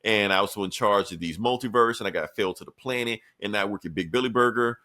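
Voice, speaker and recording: A man voicing a fallen male cosmic being now working fast food, speaking offhand and matter-of-fact. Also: on the low side, bright, forceful tone.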